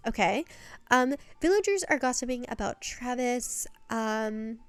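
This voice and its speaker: A young woman talks through a casual recap in a slightly high voice, chatty and blunt, with the odd curse word and plenty of rhetorical questions. Her voice is close and dry, and soft music plays faintly underneath. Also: moderate pace, smooth, dry recording. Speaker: video essayist. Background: faint background music.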